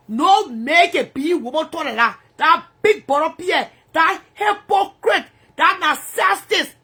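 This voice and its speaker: A woman's voice: extremely high pitch, bright, forceful tone. A woman ranting angrily in profane, repetitive bursts from her bedroom. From Liberia. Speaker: social media personality.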